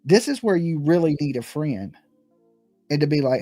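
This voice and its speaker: Chatty high-voiced male commentator. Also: animated, moderate pace, mellow, dry recording, faint music behind. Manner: rambling, laughs often, storytelling. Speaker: host. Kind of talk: casual commentary.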